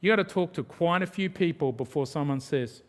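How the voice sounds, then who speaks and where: A man's voice: fairly high pitch, fairly quick. A man preaching a sermon in a conversational style, acting out quotes. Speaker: pastor.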